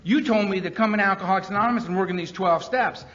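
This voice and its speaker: A man with a fairly high, forceful voice tells his story to a meeting. He speaks earnestly and repeats key lines for emphasis. The meeting recording sounds muffled and lo-fi. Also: fast. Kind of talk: personal testimony talk. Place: meeting hall with a live audience. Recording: dull lo-fi meeting recording with faint background hiss.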